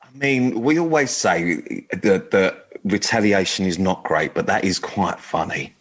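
A man's voice: sits low, a little slow, breathy edge. A man co-hosting a radio dating show, chatting in a rambling, jokey way with lots of fillers and laughter. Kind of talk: casual chat.

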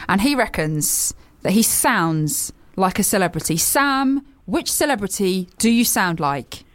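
A woman's voice: medium pitch, expressive, no room sound. A woman co-hosting a radio show, chatting playfully and laughing often. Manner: giggly, playful, quick to laugh. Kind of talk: casual radio banter.

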